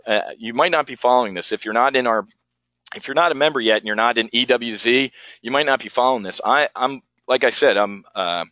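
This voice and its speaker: A man hosting a live market show rants with heat and stumbles over his words. His voice is forceful and bright. The audio is dry and somewhat dull. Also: mid-range voice, no room sound. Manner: heated, ranting and repeating himself. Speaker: trading show host.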